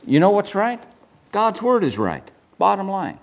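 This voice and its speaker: An older man preaching a sermon, asking rhetorical questions and swinging between loud emphasis and quiet asides. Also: sits high, wildly swooping pitch, unhurried.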